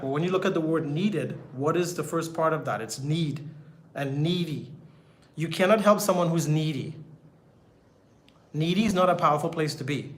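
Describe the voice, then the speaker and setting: A man's voice: on the high side, fairly bright tone. Emphatic motivational mentor man. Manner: emphatic, repeats key phrases for effect. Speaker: business mentor. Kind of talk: motivational talk.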